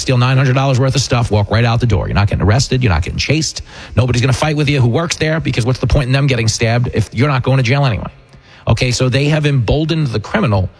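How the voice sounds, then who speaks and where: On his talk radio show, a middle-aged comedian-host ridicules politics with jokes and impressions of other voices. He speaks at a medium pitch with a husky quality.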